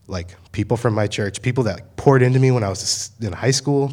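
Young male campus minister, lowish voice, loose chatty sermon delivery with asides. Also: darkish tone. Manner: conversational, many fillers, paraphrasing with voiced asides. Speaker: campus ministry staff speaker. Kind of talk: casual sermon talk.

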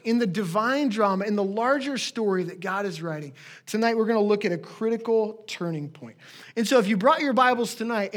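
A man preaching a conversational sermon as a pastor to his congregation, with friendly asides. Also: high-pitched.

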